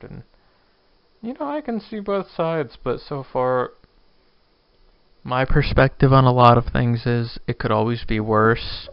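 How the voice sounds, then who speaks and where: A man's voice: medium pitch, unhurried, clean tone, no echo, muffled recording. A drunk man in his twenties hosting his own podcast, rambling and joking at his own expense. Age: 20s. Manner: rambling, self-deprecating. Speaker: podcast host. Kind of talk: casual solo rambling podcast.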